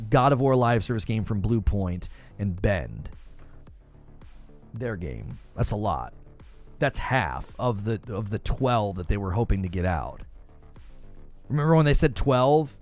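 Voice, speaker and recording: A man's voice: medium pitch, clean tone. A man hosting a casual gaming news live stream, talking straight to his chat and mimicking other people's voices. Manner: animated, talks to chat, mimics others in raised voice.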